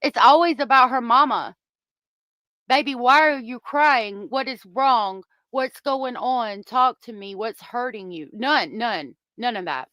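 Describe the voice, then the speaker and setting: A woman rants angrily at her viewers, swearing freely in a heated commentary style. Her voice sits a little high. She is close on her microphone in a dry, dead room. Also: unhurried, pushed and bright, no room sound. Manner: angry, profane, ranting at viewers. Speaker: commentary channel host. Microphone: close desk microphone.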